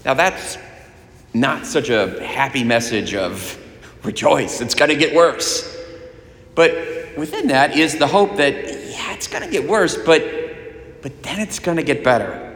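A man giving a conversational sermon, casual and animated, often restarting his phrases. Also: medium pitch, a little slow, pauses often. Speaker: preacher. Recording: echoey room with long reverb.

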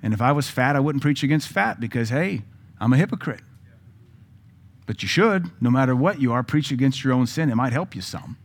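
A man's voice: mid-range voice, animated, a little fast. A man with a Southern US accent, a pastor preaching a sermon in a conversational style with joking asides.

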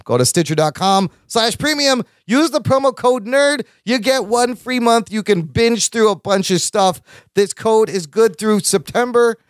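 A man hosting a podcast in casual chat, excitable and quick to laugh as he reads listener mail. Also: sits high, clear, resonant tone, dry recording, clean studio sound. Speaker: podcast host.

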